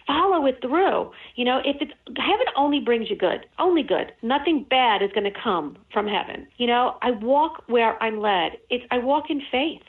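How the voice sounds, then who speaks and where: A woman's voice: a little high, lively intonation, moderate pace, few pauses. A woman, a spiritual author, speaking as a guest in an earnest manner, often saying "you know" and repeating herself. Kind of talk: radio interview over the phone. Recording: tinny phone line.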